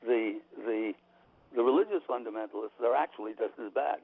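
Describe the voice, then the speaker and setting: Gravelly man on a phone line. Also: on the low side, a little fast. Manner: emphatic, opinionated, with frequent restarts. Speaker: author and guest. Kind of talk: radio interview. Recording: tinny phone-line audio.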